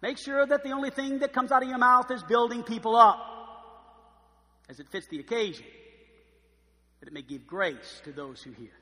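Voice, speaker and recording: A male pastor preaching with a high, bright, forceful voice. He drops quiet and slows for stress, then rises loud and emphatic. The sound carries a long hall reverb. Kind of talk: sermon.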